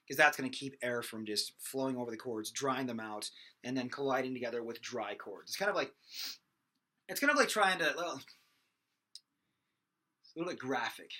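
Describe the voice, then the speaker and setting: A man's voice: mid-range voice, bright, forceful tone. A young man giving a casual, rambling singing lesson, full of fillers and restarts. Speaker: singing teacher. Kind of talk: casual vocal lesson with sung demonstrations.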